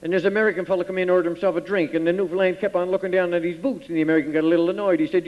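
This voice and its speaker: A man's voice: high-pitched, fairly even intonation. A man with a Cape Breton accent, emceeing a pageant and telling folksy jokes on a theater stage. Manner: folksy, rapid storytelling. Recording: dull recording in a reverberant theater.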